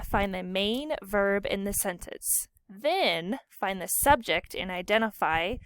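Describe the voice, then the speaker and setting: A woman teacher leads her students through a grammar lesson, posing questions and answering them herself in clear, explanatory teacher talk. Her medium-pitched voice is a bit bright, recorded with clean studio sound and no room echo.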